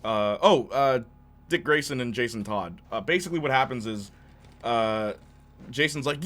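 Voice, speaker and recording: A young man streaming gameplay, chatting in a rambling, excitable way with lots of fillers and tangents. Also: medium pitch, moderate pace. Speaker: gaming streamer. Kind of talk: livestream gameplay commentary.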